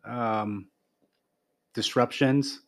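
A man chatting as a podcast guest, hesitant and halting, with many fillers. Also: mid-range voice, fairly even intonation. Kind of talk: casual podcast chat.

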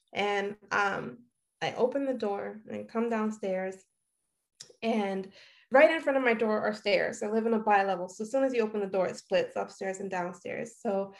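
A woman in her thirties with a fairly high voice tells a personal story in casual conversation. Her delivery is reflective and halting, with sentences often restarted. She sounds like a guest sharing a memory.

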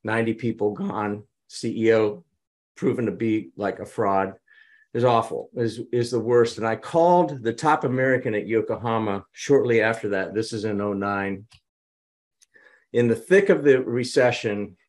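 A man's voice: lowish voice, normal speed. A man telling business stories in a conversational interview and acting out quoted lines. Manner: animated, dramatizes quotes. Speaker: business consultant guest. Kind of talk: conversational storytelling.

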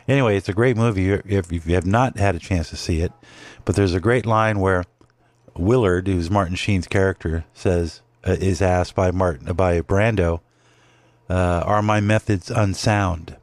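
A man's voice: low voice, normal speed, a little mellow, dry recording. A man hosting a podcast, giving a rambling, opinionated commentary monologue with many fillers and restarts. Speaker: podcast host. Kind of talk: casual political commentary monologue.

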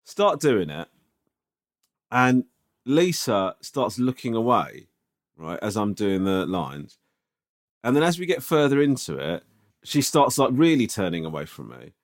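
Animated man telling stories. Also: on the low side, unhurried, pauses often. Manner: animated storytelling, swears often. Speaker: podcast co-host. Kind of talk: casual chat.

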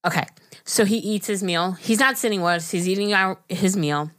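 A middle-aged woman co-hosting a casual podcast, telling a story in an animated, emotional way. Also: mid-range voice, moderate pace. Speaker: podcast co-host.

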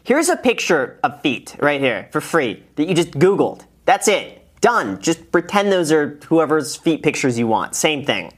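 Chatty man reacting, lively pitch. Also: measured pace, few pauses. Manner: chatty, incredulous, with restarts and asides to a producer. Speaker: host reacting to clips. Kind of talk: casual reaction commentary.

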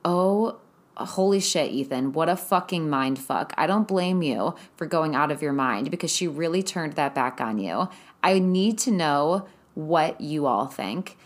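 A young woman with a notably low-pitched voice delivers a casual, profanity-laced recap of a TV episode. Her tone is blunt and exasperated, like someone venting straight to her viewers. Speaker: recap host.

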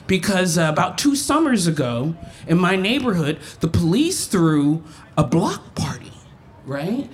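A woman doing a profane, animated stand-up set on a live stage, breaking into mimicked voices as she tells stories. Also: lowish voice, a little slow, a little hiss or hum. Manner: animated, profane, mimics others mid-story. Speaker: stand-up comedian. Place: stage at a live festival event.

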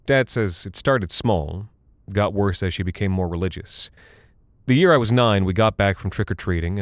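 Low-voiced man narrating a somber story. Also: dry recording. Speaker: narrator and voice actor. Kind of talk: scripted first-person horror narration.

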